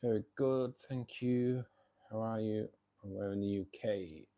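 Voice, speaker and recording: A man's voice: lowish voice, fairly even intonation, a little slow, mellow. A man with a Manchester accent hosting a casual live stream, chatting with viewers and calling them mate. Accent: Northern English, Manchester. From England. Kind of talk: casual live chat reading viewer comments.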